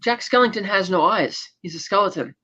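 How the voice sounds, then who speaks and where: A man's voice: high voice, brisk, highs cut off. A man co-hosting a podcast, casually retelling a TV episode scene by scene and acting out the characters' lines. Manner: animated storytelling, acting out quoted lines. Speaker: podcast co-host.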